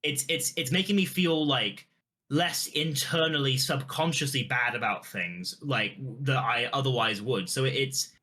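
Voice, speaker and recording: A man's voice: mid-range voice, a little slow, bright, forceful tone. A man co-hosting a casual podcast chat, earnest and restarting often as he clarifies his point. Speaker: podcast co-host.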